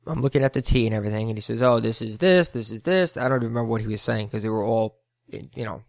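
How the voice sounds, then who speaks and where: A man's voice: medium pitch, no echo, studio quality. A man hosting a podcast, telling a rambling story with heated asides. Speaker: podcast host, float center owner. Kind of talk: casual storytelling monologue.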